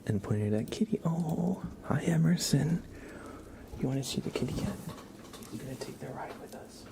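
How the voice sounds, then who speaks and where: A man hosting a live ASMR stream, talking in a soft half-whisper and cooing fondly to his pet. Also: medium pitch, very animated, fast, very noisy. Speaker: ASMR livestream host.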